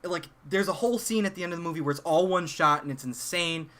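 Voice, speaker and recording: A young man on a podcast, excitedly retelling a movie plot in casual chat, full of fillers and restarts. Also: fairly high pitch, fast. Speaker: podcast co-host.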